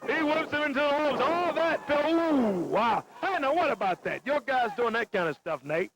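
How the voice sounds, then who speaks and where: Excitable man calling wrestling, very high voice. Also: moderate pace. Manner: excitable, exclaiming calls. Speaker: play-by-play announcer. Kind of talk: wrestling play-by-play. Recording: noisy lo-fi TV broadcast.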